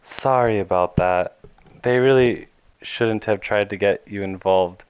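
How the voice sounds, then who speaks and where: A man reading a gentle, indecisive young female club president in a game, soft and apologetic. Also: lowish voice, unhurried, smooth, no echo, dull audio, natural voice.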